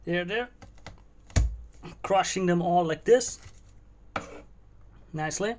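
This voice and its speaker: A man with a high voice hosts a cooking livestream from his kitchen. He chats casually, answers his viewers and thinks out loud as he cooks. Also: slow pace, a little hiss or hum. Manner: chatty, answers chat and muses aloud while working. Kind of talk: casual live-stream chat while cooking. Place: home kitchen.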